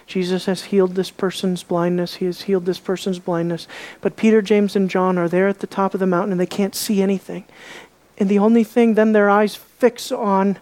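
A woman preacher delivering a sermon. She asks many rhetorical questions, repeats key words for emphasis, and moves between soft, low stresses and excited rises.

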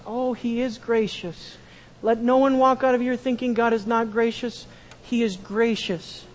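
A pastor preaching a sermon, repeating key phrases and swinging from loud emphasis to a hushed tone. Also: male voice, very high-pitched, big-room sound.

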